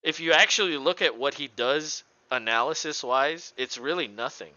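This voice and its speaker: Male podcast co-host, bright and forceful, smooth dry voice, fast profane rants. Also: on the high side, no echo, muffled recording. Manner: animated, profane ranting with mocking voices. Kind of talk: casual sports chat.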